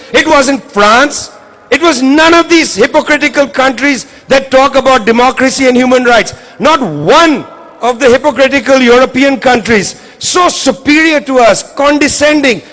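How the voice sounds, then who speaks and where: Guy with a really high voice giving a fired-up speech, hammering points with repetition. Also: normal speed, fairly bright tone. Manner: impassioned and emphatic, with rhetorical repetition. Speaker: guest speaker at a book launch. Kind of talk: political speech to an audience.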